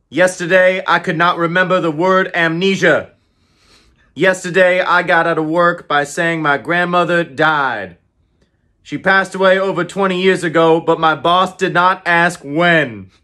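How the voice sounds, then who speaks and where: A man delivering dry, deadpan one-liner stand-up jokes, unhurried and pausing before each punchline. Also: fairly high pitch. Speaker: comedian.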